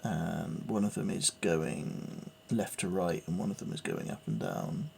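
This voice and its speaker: Guy mumbling thru piano theory, low gravelly voice, slow, faint hiss behind. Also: very animated, darkish tone. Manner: hesitant, reads notes aloud and muses with fillers. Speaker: piano learner. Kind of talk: thinking aloud while studying music theory.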